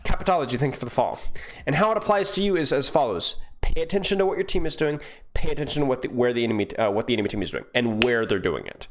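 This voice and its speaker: Young man, game coach on a live stream, casual and joking, lively pitch. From United States. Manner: casual, joking, chats to viewers.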